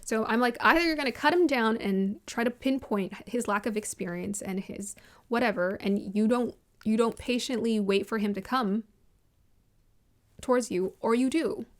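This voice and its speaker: A woman with a fairly high voice talks straight to her viewers in a casual, opinionated review. She is emphatic, circles back to repeat her points and laughs easily between them. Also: normal speed. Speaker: vlogger reviewing a reality show.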